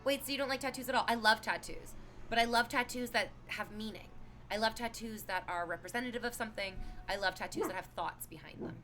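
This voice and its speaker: Bright, chatty woman streamer. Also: fairly high pitch, fast, faint music behind. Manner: chatty and animated, bursting into laughs and exclamations. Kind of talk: casual chat reading viewer messages.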